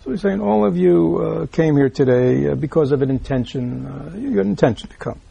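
A man giving a Buddhist dharma talk, reading out a teaching and explaining it. He often checks in with listeners by asking "right?", repeats himself, and drops into soft asides. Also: fairly high pitch, lively intonation, brisk, gravelly, slightly rough, no echo. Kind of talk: dharma talk explaining a read-aloud text.

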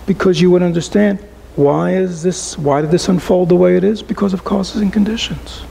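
A man giving a relaxed, conversational dharma talk to a small group as a Buddhist teacher, often asking rhetorical questions and adding "right?". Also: sits high, moderate pace, vocal fry, a little hiss or hum, low-quality recording.

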